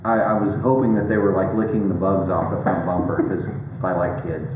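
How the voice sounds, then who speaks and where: A man's voice: low voice, steady tone, fairly quick. A man hosting a casual chat, rambling and joking with lots of fillers and restarts. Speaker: host. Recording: very echoey room, faint background noise.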